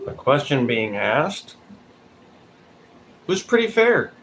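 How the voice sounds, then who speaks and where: A man's voice: on the high side, sing-song, takes it slowly. A man giving blunt, profane commentary in a casual vlog, calling people out directly. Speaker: vlogger. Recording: noticeable background noise.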